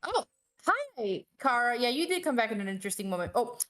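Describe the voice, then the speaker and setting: Animated, swearing woman telling a story. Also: a little high, a little fast. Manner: animated and expressive, swears freely, laughs often. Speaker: friend recounting a tabletop game session. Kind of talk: casual storytelling on a stream.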